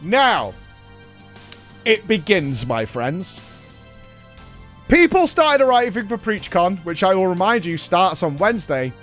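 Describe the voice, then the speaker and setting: Animated man telling a story. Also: high-pitched, slow, pauses often, soft background music. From Britain. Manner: animated, swears freely, acts out quoted dialogue. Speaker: show host. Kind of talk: casual storytelling recap.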